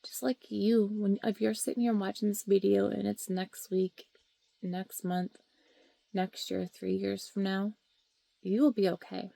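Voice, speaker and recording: This woman's mid-range voice is dark and creaky with fry, and she speaks flatly and without hurry; there's no echo. Indoors at home, she vlogs straight to a handheld camera or phone, rambling rawly and emotionally about grief and occasionally whispering.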